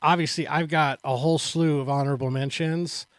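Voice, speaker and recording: A man's voice: on the high side, steady tone, fairly quick, no room sound. Guy cohosting a chill podcast, dry close sound, laughs easy. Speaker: podcast co-host. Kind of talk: casual chat.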